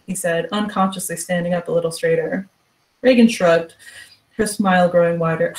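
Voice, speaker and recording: A woman author reading her fiction aloud with steady, even narration. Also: fairly low pitch, moderate pace, roomy sound, recorded from a distance, poor audio. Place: virtual book club event.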